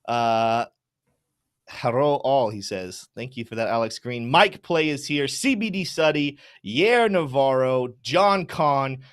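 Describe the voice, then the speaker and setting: A young adult man hosting a live crypto market stream, reading out chat names with upbeat, energetic shout-outs before moving to chart talk. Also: medium pitch.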